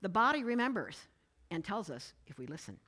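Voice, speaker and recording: A woman speaks to a church gathering in a relaxed, conversational way, weaving personal stories into her message. Her bright voice rises and falls with lively swings in pitch as she tells her stories. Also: fairly quick. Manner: storytelling, animated, quoting others in changed voices. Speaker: speaker giving a Sunday message. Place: church sanctuary.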